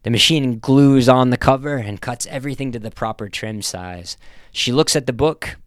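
A man reads a first-person story aloud with a deadpan, matter-of-fact delivery. His voice is smooth and crisp, recorded close and dry with no room echo. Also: mid-range voice, moderate pace. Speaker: narrator.

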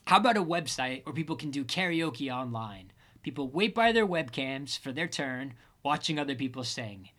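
A man's voice: mid-range voice, lively intonation, moderate pace, pushed and bright. A man voicing an angry, exasperated young woman with a glass eye in an audiobook reading. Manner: exasperated and combative.

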